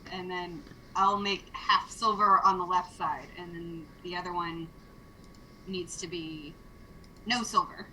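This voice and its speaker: A woman playing in a tabletop game, chatty and quick to react with exclamations. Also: on the low side, fairly even intonation, pushed and bright, slight background noise, poor audio. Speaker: player.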